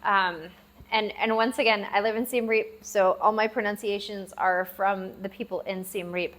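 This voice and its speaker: A woman leads a language lesson at a steady, mid-range pitch. She talks patiently, repeating each new word slowly and spelling it out for her learners. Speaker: language teacher. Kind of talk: classroom-style language lesson. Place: lives abroad in Southeast Asia.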